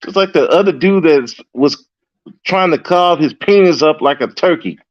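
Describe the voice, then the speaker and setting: A man's voice: on the high side, normal speed, no room sound. A man hosting a podcast, telling stories from his job as a correctional officer in a casual, profane, slangy ranting style, with lots of fillers and restarts. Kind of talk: casual storytelling rant. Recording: dull lo-fi dry sound.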